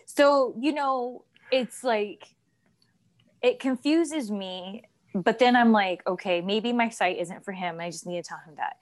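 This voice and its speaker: Woman cohosting a chatty podcast, animated storyteller, reads out messages. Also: mid-range voice, measured pace. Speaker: podcast co-host. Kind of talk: casual chat.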